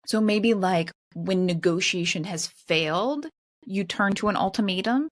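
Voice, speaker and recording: A woman's voice: mid-range voice, normal speed, no room sound. A middle-aged woman co-hosting a casual book club podcast, thinking aloud with many restarts and fillers. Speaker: podcast co-host.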